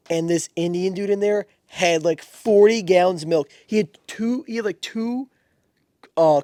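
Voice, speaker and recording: A young man co-hosting a podcast, telling animated stories full of slang and swearing. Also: on the high side, dry recording, studio quality. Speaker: podcast co-host. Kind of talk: casual chat.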